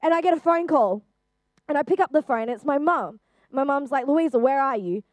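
A young woman shares a personal testimony in an earnest, chatty way, with lots of "um" and "like." Her voice sits slightly high. The sound is close and dry, with no room echo. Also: animated, moderate pace. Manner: earnest, chatty, with frequent fillers. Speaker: youth speaker.

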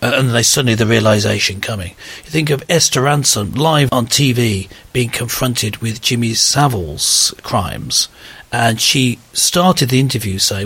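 Guy hosting a talk show, gravelly husky voice, earnest, keeps asking his co-host questions. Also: on the low side, moderate pace, fairly bright tone. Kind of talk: conversational talk show discussion.

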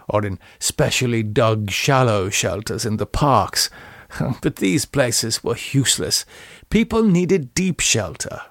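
A man's voice: medium pitch, gravelly, no room sound, clean studio sound. A man voicing a wistful German woman singer. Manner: wistful, reminiscing storyteller. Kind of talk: audiobook character voice.

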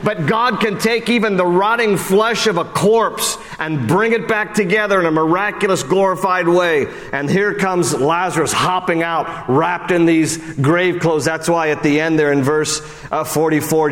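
A man's voice: normal speed, hardly any pauses. Conversational man preaching in a hall. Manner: conversational preaching, swings from high and emphatic to low and hushed. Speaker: pastor. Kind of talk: sermon. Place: church sanctuary.

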